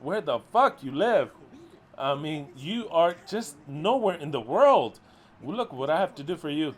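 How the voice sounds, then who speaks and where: A slight hiss or hum sits under this middle-aged ministry leader, who is very animated but a little slow as he berates his followers. He curses in exasperation, moving between loud outbursts and low mutters.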